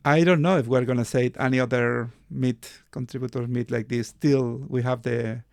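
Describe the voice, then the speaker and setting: Hosting an online meeting over video, a Spanish-speaking mentor chats, reads out names and checks their pronunciation. His medium-pitched voice is gravelly and darkish, steady and at normal speed, captured in echo-free studio quality.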